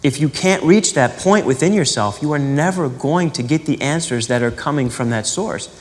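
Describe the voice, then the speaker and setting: A man giving a spiritual teaching in an animated, conversational way, asking rhetorical questions and acting out quotes. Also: a little high, normal speed, big-room sound.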